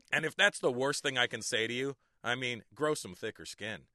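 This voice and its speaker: Bright-voiced male comedian, chuckling. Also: medium pitch, normal speed, dry recording. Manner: chuckles often, relaxed storytelling. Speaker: stand-up comedian, guest. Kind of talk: casual interview talk.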